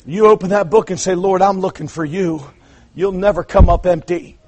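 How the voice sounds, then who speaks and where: A man preaching an impassioned sermon, dropping to hushed asides and then building to shouted climaxes. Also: high voice, fairly even intonation, normal speed, slightly rough. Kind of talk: revival sermon.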